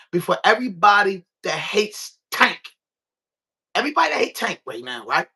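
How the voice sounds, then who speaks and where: A Baltimore man with a high, bright voice, ranting on a podcast. He talks with a Baltimore accent, curses a lot and hammers his points home by repeating them. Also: slightly rough. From Baltimore, USA. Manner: profane, emphatic, repetitive. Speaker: podcast host. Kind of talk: casual rant.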